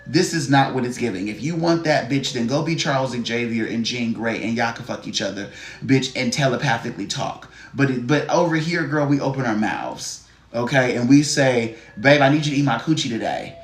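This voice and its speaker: A man's voice: mid-range voice, moderate pace. Blunt, sassy live-stream reader, man. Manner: addresses the viewer directly, greets live chatters. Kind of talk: live-stream reading, casual chat. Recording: roomy echo.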